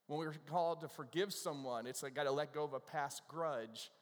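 A man's voice: on the high side, normal speed, big-room sound. A man preaching a sermon as a pastor, casual and self-deprecating, telling a joke to his congregation.

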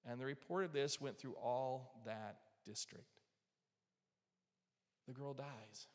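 A man preaching a sermon with earnest delivery, dropping to a hush for quoted words of comfort. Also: medium pitch, steady tone, slow pace, long reverb tail. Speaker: pastor. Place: church hall with live and online audience.

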